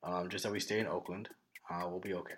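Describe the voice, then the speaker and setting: A man's voice: low voice, flat delivery, quick pace, over loud music. A man co-hosting a casual sports podcast, teasing and mock-dramatic. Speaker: podcast co-host.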